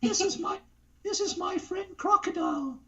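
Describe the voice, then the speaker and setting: Squeaky cartoon monkey voice, very high, cheerful, rhyming, children's audiobook, slightly dull sound. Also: male voice, normal speed, a bit bright, distant mic.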